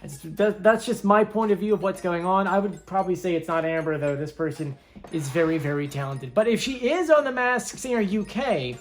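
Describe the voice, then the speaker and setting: A woman's voice: lowish voice, fairly quick, soft background music. A woman hosting a casual commentary video, chatting and thinking aloud as she weighs up her guesses. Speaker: video host.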